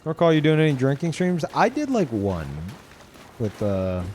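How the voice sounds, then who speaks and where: A man's voice: fairly high pitch, wildly swooping pitch, normal speed, darkish tone, a little hiss or hum. A man from Louisiana chatting casually on a live stream, rambling and swearing, with many restarts.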